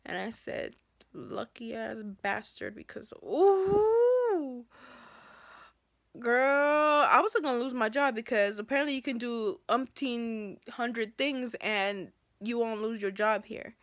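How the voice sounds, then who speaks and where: A fired-up woman with a slightly high voice rants about a run-in at work, speaking to her viewers as if to a friend. The sound is dry and close, with no room echo. Her telling stays animated and unscripted. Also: moderate pace, hardly any pauses. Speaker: school bus driver. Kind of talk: unscripted venting storytime to camera.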